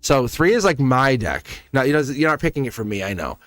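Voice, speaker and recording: A man's voice: mid-range voice, animated, fairly quick, fairly bright tone, dry recording, soft background music. A man hosting a live tarot stream, talking casually and encouragingly to his chat with frequent laughs. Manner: rambling, encouraging, laughs often; talks straight to chat viewers.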